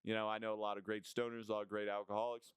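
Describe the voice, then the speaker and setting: A man's voice: lowish voice, little pitch movement, racing, smooth, dry recording. A young man vlogging in a rambling, mock-serious monologue, tossing in "bro" and "right?" as he goes. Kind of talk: casual rambling monologue to camera.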